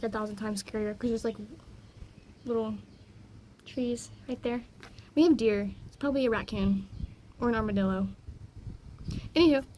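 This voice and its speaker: A young woman with a slightly high voice chats loosely in a personal vlog, drifting off on tangents and filling gaps with ums. She films herself on a phone outside by a backyard garden, with faint outdoor ambience behind her. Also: a little mellow, a little hiss or hum. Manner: rambling, easily distracted, frequent fillers. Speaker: vlogger. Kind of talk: casual personal vlog chat.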